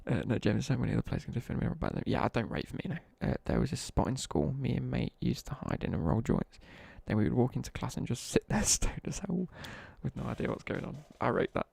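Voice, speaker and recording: A man's voice: medium pitch, lively intonation, quick pace, gravelly, few pauses, darkish tone, breathy edge, no room sound. A young man with an English Midlands accent, rambling through slangy school stories and chatting to viewers while he streams a game. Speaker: live streamer. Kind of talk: casual chat while gaming.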